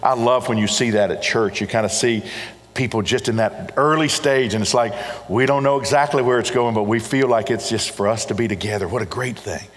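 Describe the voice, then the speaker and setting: A man's voice: medium pitch, a little fast. A man preaching a sermon as a pastor, earnest and pastoral, often repeating phrases for emphasis. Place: church auditorium. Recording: long reverb of a large hall.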